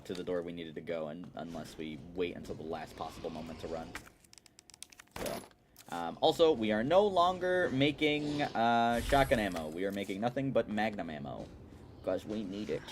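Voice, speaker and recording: Low-voiced male gaming streamer, chatty play-by-play with jokey asides, steady noise underneath. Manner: chatty, explaining strategy with playful asides. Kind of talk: casual game commentary.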